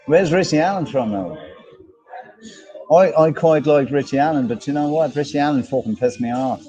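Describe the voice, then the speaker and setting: A man bantering on a live stream, reading out viewers' names and cracking jokes with the odd swear word. His voice is dark and mellow, with faint music behind him. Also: a little high, normal speed, rough recording. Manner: banter, greets viewers by name, jokey and sweary. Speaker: livestream co-host. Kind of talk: casual live-stream chat reading comments. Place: outdoors in a park.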